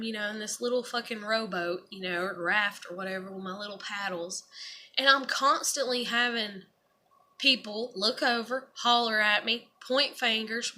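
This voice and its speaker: A woman talks straight to camera in a rambling, unfiltered monologue. Her voice sits a bit high and has a bright, forceful edge. She swears freely and keeps circling back with "you know" and "I'm like". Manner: frank and profane, rambling with many fillers. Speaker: vlogger. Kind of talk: casual personal monologue.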